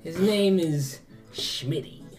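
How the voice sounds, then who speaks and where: A game master voicing a gruff male ship captain who talks in a folksy way. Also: medium pitch, takes it slowly, over music, natural voice.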